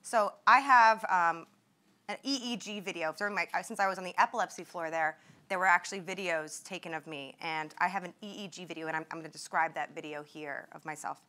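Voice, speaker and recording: A woman's voice: fairly low pitch, brisk, sharp tone. A woman in her twenties giving a talk, reading passages from her memoir aloud and acting out the quoted outbursts with rising intensity. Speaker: invited speaker at a medical grand rounds.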